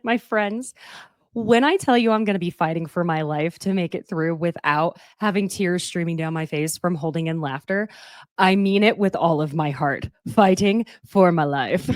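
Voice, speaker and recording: A woman's voice: mid-range voice, lively intonation, measured pace, no echo, studio quality. A woman chatting casually as she recaps a reality show, gushing and often laughing. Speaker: recap host.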